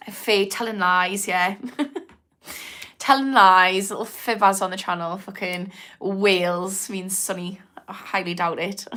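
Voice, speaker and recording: A woman's voice: medium pitch, a bit bright. A young woman with a Geordie accent chatting casually on a livestream, rambling and laughing, reading out viewer comments. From Newcastle, England. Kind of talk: casual live chat.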